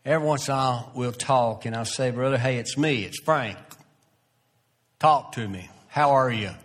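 A man preaching a sermon in a slow, earnest way, rising in pitch and force at emphatic moments, often restarting his phrases. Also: a bit bright. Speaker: pastor.

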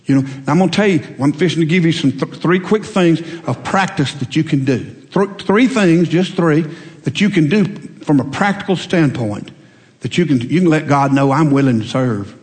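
A fairly high-voiced man preaching to his congregation. He talks in a folksy, conversational way, telling homespun stories and climbing to emphatic peaks. His voice rings out with a long reverb in a church sanctuary. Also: normal speed, a little mellow. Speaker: pastor. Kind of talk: sermon.

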